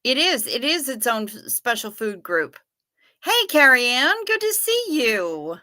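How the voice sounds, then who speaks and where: Woman livestream host, bright tense tone, slow easy delivery, swears freely, gushes over her viewers. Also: fairly high pitch, very animated. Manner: profane, effusive, greets viewers by name. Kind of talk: casual livestream chat reading viewer comments.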